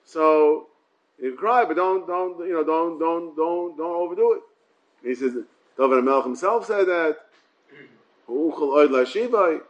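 A man's voice: fairly high pitch, measured pace, lo-fi sound. A man giving a Talmud study class in casual English, mixing in Hebrew and Yiddish terms, often repeating words and checking in with "yeah?" and "right?". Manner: asks rhetorical check-ins like "yeah?" and "right?". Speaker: Torah study teacher.

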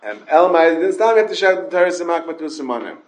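A man's voice: a little high, expressive, racing, poor audio. Man teaching Talmud in Yeshiva English. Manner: mixes Hebrew and Yiddish terms into English, questioning students. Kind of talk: informal Talmud class.

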